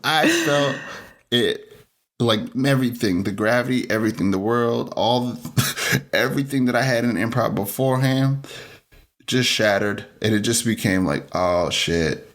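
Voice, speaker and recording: A man's voice: medium pitch, measured pace. A man co-hosting a podcast, telling stories in casual chat, acting out quoted voices and swearing freely. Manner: animated, acts out quoted voices. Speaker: podcast co-host.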